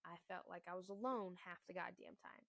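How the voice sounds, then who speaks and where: A young woman in her twenties, a mother, ranting bluntly to the camera about relationships with heavy swearing and loud emphatic bursts. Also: on the low side, steady tone, brisk, creaky, no echo. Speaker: mother and vlogger.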